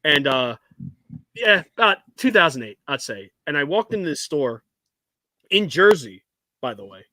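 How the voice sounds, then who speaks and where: A man's voice: fairly high pitch, big pitch swings, normal speed, bright, forceful tone, no echo. A man co-hosting a casual chat, blunt and profane, saying he tells it like it is. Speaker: co-host.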